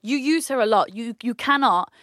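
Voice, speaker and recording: An animated woman hosting breakfast radio with a slightly high voice and lively swings in pitch. She rants and acts out quotes, recorded dry and close in the studio. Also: moderate pace, dry recording. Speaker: radio host. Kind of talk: casual chat.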